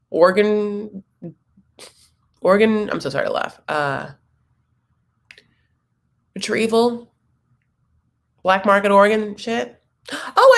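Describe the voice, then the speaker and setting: A woman hosting a casual livestream recap of a reality show, animated and jokey, full of fillers and playful put-on voices, laughing at her own jokes. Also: on the low side.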